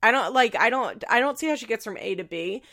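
A woman talks through a reality show in loose, chatty commentary, her pitch swooping up and down as she makes her points. Her voice has a gravelly, fry-edged texture, and she leans on "like" and blunt opinions. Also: lively intonation, fast, pushed and bright. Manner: chatty and opinionated, heavy use of "like", occasional swearing. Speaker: reality TV recap vlogger. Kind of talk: casual commentary.

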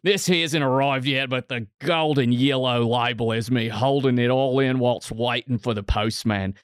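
A man's voice: mid-range voice, fairly even intonation, normal speed, clear, resonant tone, dry recording, clean studio sound, natural voice. A man voicing a giddy British male product reviewer in a shaky put-on English accent that slides toward Australian. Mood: gushing. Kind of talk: comedic podcast bit.

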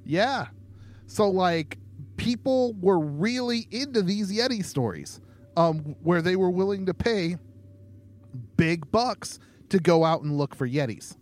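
A young man co-hosts a podcast in a loose, casual chat. His voice sits a little high, and he meanders through his points with plenty of ums and offhand jokes. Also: expressive, takes it slowly, darkish tone. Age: young adult. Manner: rambling, many ums, laid-back joking. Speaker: podcast co-host.

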